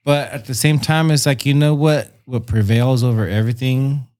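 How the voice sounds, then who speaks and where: Earnest Chicano guest, dry sound. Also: male voice, mid-range voice, steady tone, normal speed, darkish tone, no echo. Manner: earnest, mixes Spanish words into English. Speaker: podcast guest. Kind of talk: casual podcast chat.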